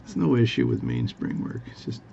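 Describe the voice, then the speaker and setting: A man's voice: mid-range voice, huge pitch swings, brisk, vocal fry, warm tone, muffled recording, a little hiss or hum. A man casually chatting while cleaning a watch at his bench, rambling with jokey asides. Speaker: hobby watchmaker. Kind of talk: casual workbench tutorial chat. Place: home workbench.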